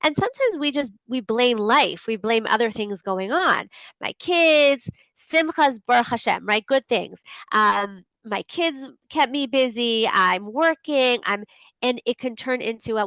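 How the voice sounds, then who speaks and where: A woman's voice: expressive, a little slow, fairly bright tone, no room sound, rough recording. Chatty woman, dry close mic. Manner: chatty, many fillers, acts out inner voices with a raised pitch. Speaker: host of a group coaching call. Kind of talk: casual talk to an online group.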